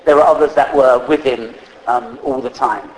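Male preacher, mid pitch, chatty and halting sermon delivery. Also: fairly even intonation, a little mellow, slight background noise, poor audio. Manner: conversational, halting with fillers and restarts.

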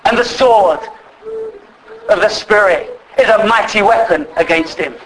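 Man, preacher, earnest sermon, high-pitched. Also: fairly bright tone, low-quality recording. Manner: earnest, slows down to stress scripture.

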